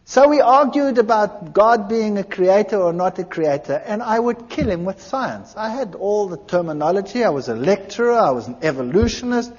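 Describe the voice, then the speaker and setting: A man giving a personal testimony, telling his story in an animated way and acting out the dialogue. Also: high-pitched. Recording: dull lo-fi recording in a large reverberant hall.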